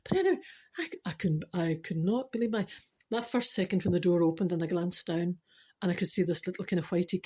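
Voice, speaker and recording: A woman's voice: lowish voice, breathy edge. Chatty Scottish woman telling a spiritual story. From Scotland. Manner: chatty, laughing, animated storytelling; earnest spiritual teaching. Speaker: spiritual vlogger. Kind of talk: casual storytelling to camera.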